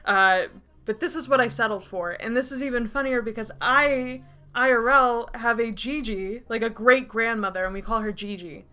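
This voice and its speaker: A woman's voice: a little high, moderate pace, sharp tone. A woman in her twenties reading her old writing aloud, breaking off for laughing, mocking and sarcastic asides. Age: 20s. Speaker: YouTuber.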